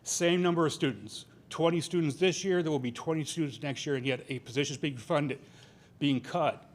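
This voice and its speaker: A man's voice: a little high, brisk. A man speaking as a parent during public comment at a school board meeting, emotional and pleading.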